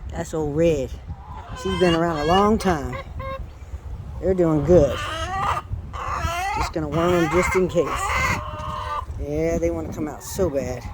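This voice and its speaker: A woman walking around her homestead yard with a handheld camera, chatting casually and talking to her animals as she goes. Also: deep voice. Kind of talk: casual walk-and-talk vlog. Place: outdoors on a homestead yard after a storm. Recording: noisy outdoor recording.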